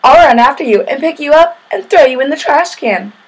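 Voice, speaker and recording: A woman voicing a bossy young boy who bullies others on the playground, yelling slow, drawn-out demands. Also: high voice, animated, pitched above the performer's own voice, poor audio.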